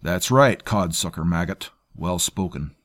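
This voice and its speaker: A man's voice: sits low, lively intonation, a little slow, a bit bright, full character voice. A man playing a menacing mercenary captain. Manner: menacing, commanding.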